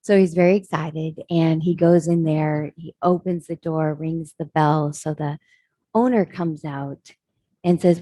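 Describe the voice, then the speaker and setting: Woman preaching a story, mellow husky voice, dry sound. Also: low-pitched, fairly even intonation, a little slow, dry recording. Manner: earnest, reflective. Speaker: speaker. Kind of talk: sermon storytelling.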